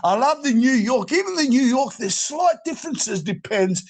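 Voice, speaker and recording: High-voiced Australian man chatting. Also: animated, normal speed. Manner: rambling, laughs often, restarts a lot. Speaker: panel guest. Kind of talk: casual chat.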